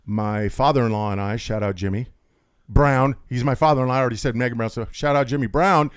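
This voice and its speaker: High-energy talkative man, dry sound. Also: fast talker, smooth, no room sound. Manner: high-energy, talkative, jokey, does voices for quotes. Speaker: podcast guest. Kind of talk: rambling storytelling chat.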